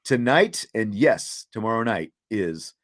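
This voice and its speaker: A man's voice: on the low side, very animated, unhurried. A middle-aged man hosting a casual sports talk show, rambling with lots of "you know, like" fillers. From Kansas. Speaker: podcast host.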